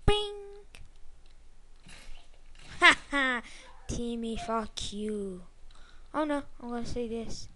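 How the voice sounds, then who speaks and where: A woman with a high voice narrates her gameplay in an excitable, unpolished way. She talks at an unhurried pace, swearing and cheering herself on as she plays. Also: slight background noise. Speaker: gameplay commentator. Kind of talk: let's play commentary.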